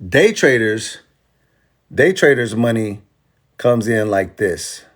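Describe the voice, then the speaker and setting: In a slow, very animated, lowish voice, a man gives a casual crypto trading lesson set to music. He is emphatic and repetitive, drops slang, and promotes his course.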